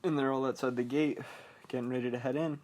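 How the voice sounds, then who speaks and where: A man's voice: mid-range voice, fairly even intonation, fast, darkish tone. A man hosting a podcast, recapping a horror movie in a casual, rambling way, full of fillers and chuckles at his own remarks. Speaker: podcast host.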